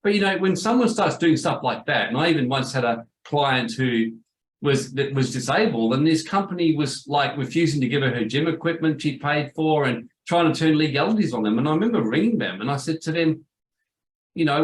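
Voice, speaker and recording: Animated man telling a story. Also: fairly high pitch, a little fast, roomy sound, a little hiss or hum, poor audio. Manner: animated storyteller acting out quotes. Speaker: business coach, former law firm owner. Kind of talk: casual storytelling interview.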